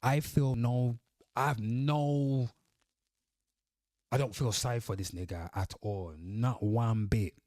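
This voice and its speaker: A man's voice: mid-range voice, steady tone, takes it slowly, a little mellow, no room sound. A man giving blunt, profane reaction commentary as a host, reading his own comments aloud.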